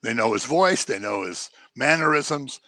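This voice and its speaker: A man preaching a sermon in an animated way, acting out the voices he quotes. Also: mid-range voice, unhurried, vocal fry, dry recording.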